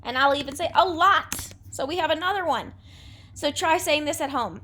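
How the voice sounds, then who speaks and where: A young woman teaching a class, with a high, bright voice. She speaks clearly and patiently, with a warm, encouraging delivery suited to young students. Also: normal speed. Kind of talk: remote class lesson.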